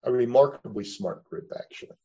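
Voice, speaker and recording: A man's voice: mid-range voice, brisk, dark tone, breathy edge, low-quality recording. A man teaching a Bible class, lecturing conversationally and thinking aloud with frequent asides to his students.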